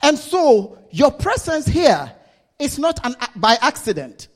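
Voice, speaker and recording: A man preaching a sermon to his congregation, slow and deliberate, often laughing as he leads them. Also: very high voice, very animated.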